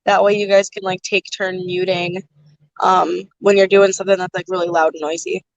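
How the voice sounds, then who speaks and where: A woman hosting a livestream, chatting casually and loudly over a phone from inside a noisy car. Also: on the low side, little pitch movement, fairly quick, no room sound, lo-fi sound. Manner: loud, projecting voice. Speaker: livestream host. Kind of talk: casual chat.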